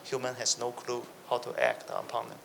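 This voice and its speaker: A man with a gravelly, bright edge speaks earnestly at a tech panel. Faint room ambience sits behind his plain, direct phrasing. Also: medium pitch, flat delivery, moderate pace, slight background noise, rough recording. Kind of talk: panel discussion answer.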